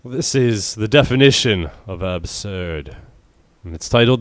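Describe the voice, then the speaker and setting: A man's voice: lowish voice, lively intonation, unhurried, dry recording. A man co-hosting a casual podcast, joking around and reading strange news stories aloud with sarcastic asides. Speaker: podcast co-host.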